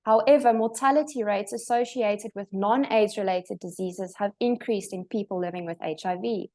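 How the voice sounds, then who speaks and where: Young south african woman reading slides on a video call, steady and formal, restarts a word here and there. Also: mid-range voice, moderate pace. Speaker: presenter. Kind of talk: academic presentation.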